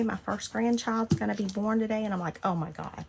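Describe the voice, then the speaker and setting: Woman, 50s, gravelly, low-ish, chatty storyteller, noisy home mic. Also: moderate pace. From Southern United States. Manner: chatty, animated when quoting herself. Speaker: crafting channel host. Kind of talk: casual storytelling chat.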